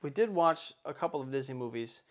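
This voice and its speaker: A man in his twenties hosts a podcast with a mid-range voice, speaking a little fast. His casual chat is profane and rambling.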